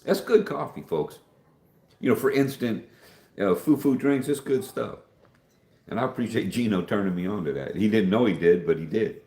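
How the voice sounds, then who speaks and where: A man's voice: on the low side, animated, moderate pace, darkish tone, reverberant. A man hosting a casual livestream, chatting folksily and reading out viewer comments, calling everyone man or dude. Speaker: livestream host.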